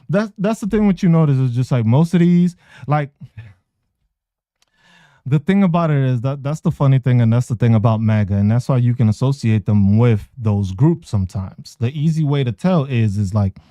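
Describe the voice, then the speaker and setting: A male podcast host rants in a loose, casual way, swearing a lot and breaking into laughter. His voice is mellow and dark. The sound is dry and close, with no room echo. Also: mid-range voice, moderate pace. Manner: profane, laughing, animated. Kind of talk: casual ranting monologue.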